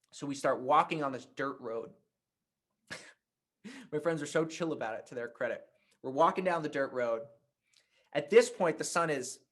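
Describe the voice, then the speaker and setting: A man teaching a writing workshop, telling a personal anecdote in a conversational, animated way. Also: medium pitch. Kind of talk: workshop talk with storytelling.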